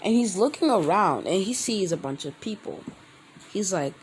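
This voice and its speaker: A man hosting his own channel, telling a fan-made story in a rambling, halting way with many restarts. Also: high voice, animated, a little hiss or hum, rough recording. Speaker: channel host. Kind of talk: casual fan-fiction storytelling.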